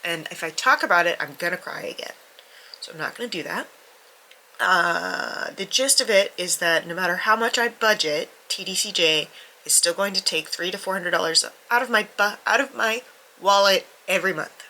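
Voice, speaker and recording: A woman's voice: lowish voice, normal speed, pushed and bright, slight background noise, rough recording. A young woman talking candidly to camera in a casual book vlog, her voice stuffy from crying, self-deprecating and swearing freely, sometimes dropping to a near-whisper. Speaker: book vlogger.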